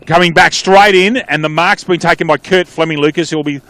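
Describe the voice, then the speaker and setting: A man with an Australian accent calls a local footy match, his voice sitting a little higher than most men's. The sound is dry and close, with little room around it. He talks in quick bursts and trails off into chatty asides. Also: sharp tone, no room sound. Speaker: play-by-play commentator. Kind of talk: live football commentary.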